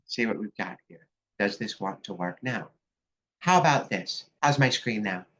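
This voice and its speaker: A woman life coach giving an upbeat, animated online workshop presentation over a video call. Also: rumbling low, moderate pace. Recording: dull lo-fi video call audio.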